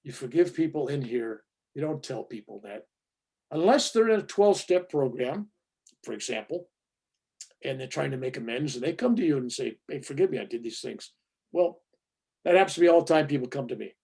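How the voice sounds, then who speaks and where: A male reverend answering a student's question in an informal spiritual talk, animated and acting out the voices he quotes. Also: mid-range voice, fairly quick, gravelly, husky.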